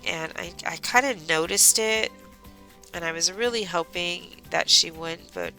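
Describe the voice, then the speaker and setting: A middle-aged woman hosting a craft livestream, talking in a casual and rambling way. Her voice sits fairly low with a heavy gravelly fry and a bright, forceful edge. Soft music plays behind her. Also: measured pace. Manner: chatty, rambling storytelling. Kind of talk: casual chat while crafting.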